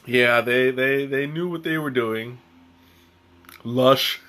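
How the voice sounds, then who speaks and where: A man hosting a casual live-stream tea tasting, chatty and joking, who talks haltingly with many restarts and fillers. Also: mid-range voice, a bit bright. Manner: chatty and joking, often chuckling.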